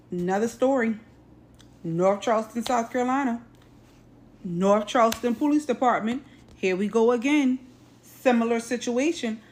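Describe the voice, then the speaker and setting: Woman telling a news story to her followers, short punchy phrases, urgent, mid pitch voice. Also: darkish tone, a little hiss or hum. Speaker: host. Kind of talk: retelling a news story for social video.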